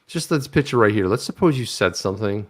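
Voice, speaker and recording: A man co-hosting a casual livestream chat, animated, telling stories and reading tweets aloud. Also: fairly low pitch, quick pace. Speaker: co-host of a crypto news livestream.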